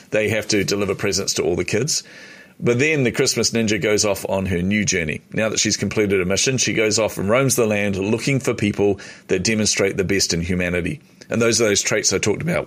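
A man's voice: fairly low pitch, fairly bright tone. A middle-aged man with a New Zealand accent, a podcast guest telling stories animatedly and acting out the dialogue. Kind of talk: casual storytelling interview.

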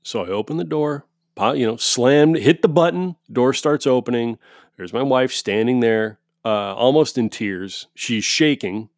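A man's voice: mid-range voice, unhurried, no room sound, clean studio sound. A man telling his viewers a story as a heated, profane rant, often restarting his sentences. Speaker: vlogger.

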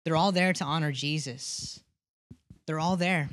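A woman's voice: deep voice, unhurried. A woman pastor preaching a sermon in an earnest way, often restarting and repeating words and asking the congregation questions.

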